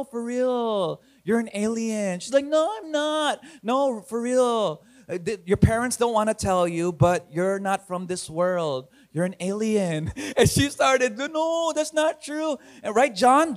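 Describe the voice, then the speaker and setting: A young man preaching a sermon, playful and laughing, acting out voices as he tells a story. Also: sits high. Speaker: pastor. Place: church online broadcast.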